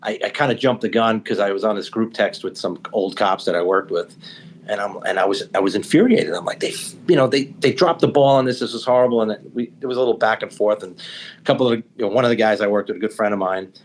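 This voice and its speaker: A man's voice: lowish voice, fast talker, slight background noise. Stammering ex-cop man in casual talk. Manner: heated, stammering retelling. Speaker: podcast co-host, former police officer. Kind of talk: casual discussion.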